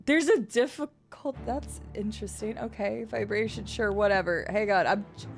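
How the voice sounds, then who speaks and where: A young woman streaming a game, chatting casually and getting emotional and excitable, with casual swearing. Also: mid-range voice, moderate pace, soft background music. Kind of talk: casual live-stream gaming chat.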